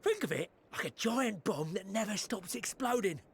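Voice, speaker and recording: An actor with an Australian accent playing a gruff male engineer in a game, exasperated and blunt. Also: sits high, animated, normal speed, fairly bright tone, a little hiss or hum, full character voice. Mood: explaining.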